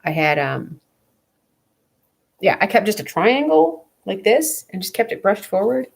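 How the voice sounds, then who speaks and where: Gravelly, husky woman vlogger. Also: medium pitch, sing-song, unhurried. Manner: blunt, profane, rambling. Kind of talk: casual vlog chat.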